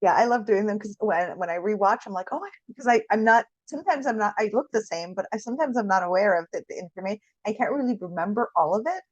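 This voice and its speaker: A woman co-host in a casual spiritual chat, speaking gently and affectionately, with easy laughter. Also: medium pitch, fast, few pauses, no room sound, muffled recording.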